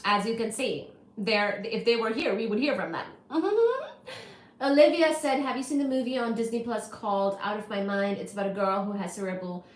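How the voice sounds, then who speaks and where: A woman hosting a casual livestream, talking in an animated, playful way, greeting viewers in quick repeated bursts and reading out their comments. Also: a little high, roomy sound. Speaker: livestream host.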